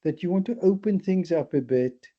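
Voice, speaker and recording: An older man from South Africa, a therapist, talking things through in a thoughtful, animated way with many restarts. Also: high voice, moderate pace. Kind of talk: reflective discussion. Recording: slightly dull lo-fi audio.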